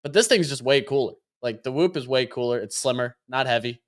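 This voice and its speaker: A man talks fast on a podcast. He is chatty and casual and says like a lot, in a mid-pitched voice. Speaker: podcast co-host. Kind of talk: casual chat.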